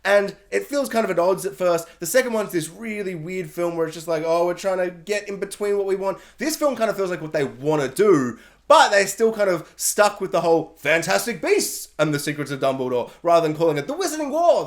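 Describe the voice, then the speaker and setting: A man giving a casual, animated film review, emphatic and exasperated. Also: high-pitched, fairly quick, hardly any pauses.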